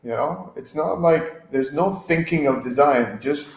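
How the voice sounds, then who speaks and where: A man's voice: on the high side, gravelly. Teasing man host in an echoey room. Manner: teasing, quick. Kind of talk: casual banter.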